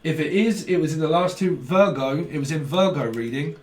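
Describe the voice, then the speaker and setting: A man giving a casual, rambling tarot reading, animated and full of slang and swearing. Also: a little high, brisk. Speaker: tarot reader. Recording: roomy sound from a mic at a distance.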